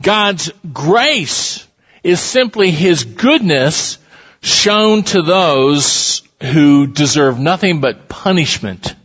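Male pastor, sermon, high and very animated, storytelling, dull reverberant hall recording.

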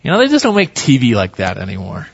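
A man's voice: medium pitch, wildly swooping pitch, quick pace, creaky, breathy edge, highs cut off. A male pastor preaching a sermon in a folksy, storytelling way.

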